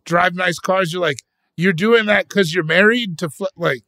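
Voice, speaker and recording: A young man co-hosting a casual podcast, animated and rambling, often restarting his sentences. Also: high-pitched, normal speed, dry recording. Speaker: podcast co-host.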